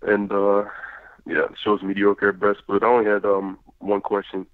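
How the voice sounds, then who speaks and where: A man's voice: lowish voice, monotone, moderate pace, no room sound. A man calling in to a review show, talking in an offhand, unimpressed way. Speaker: caller. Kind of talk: casual call-in chat. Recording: tinny phone line.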